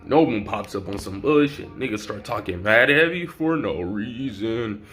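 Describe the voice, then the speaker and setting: A man's voice: on the low side, expressive, normal speed, fairly bright tone. A young man casually retelling a fan story in heavy slang, rambling, swearing and making sound effects.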